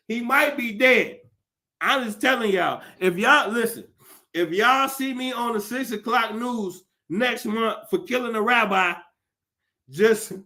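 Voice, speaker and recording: A male podcast host in a profane, animated comedic rant, often laughing as he talks. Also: high-pitched.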